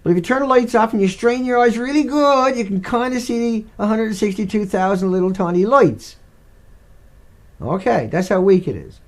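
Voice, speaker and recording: A man's voice: high-pitched, animated, moderate pace. A man hosting a live stream, talking in a rambling, digressive way with many restarts.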